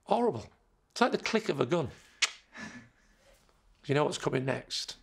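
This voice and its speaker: A woman with a low, expressive voice that has some gravel in it. She talks through a documentary interview with intensity and lingers on small details. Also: normal speed. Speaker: comedian.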